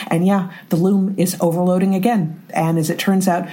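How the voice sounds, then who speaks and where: A woman's voice: on the low side, fairly even intonation, fairly quick, warm tone. A woman co-hosting a podcast, casually retelling scenes with frequent laughs and exclamations. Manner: laughs often, exclaims reactions. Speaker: podcast co-host. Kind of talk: casual recap chat.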